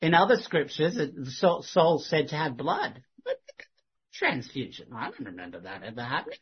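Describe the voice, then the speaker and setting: A man recounting to his church a Bible discussion he had, telling it in a lively way and acting out what the other man said. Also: fairly high pitch, normal speed, breathy edge, lo-fi sound. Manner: lively retelling that mimics the other man's lines. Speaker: church member recounting a witnessing conversation. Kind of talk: storytelling testimony to a congregation.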